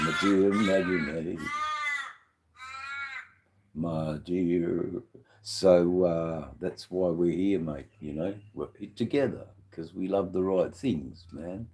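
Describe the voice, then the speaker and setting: An Australian man hosting a live stream, rambling and swearing freely as he greets viewers in the chat. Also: a little mellow. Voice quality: deep, unhurried voice. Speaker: livestream host.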